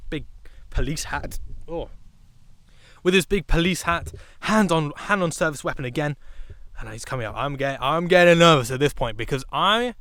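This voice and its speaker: A young British man narrates a comic storytime vlog in a lively, animated way, jumping into sudden loud bursts. His voice sits a little high for a man. The sound is dry, with no room around it. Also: no echo. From Britain. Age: young adult. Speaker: vlogger.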